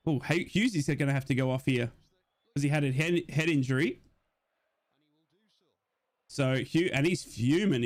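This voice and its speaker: Chatty young man streaming a match. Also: a little high. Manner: chatty, talks straight to viewers in chat. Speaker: football watch-along streamer. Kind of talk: live match watch-along with chat.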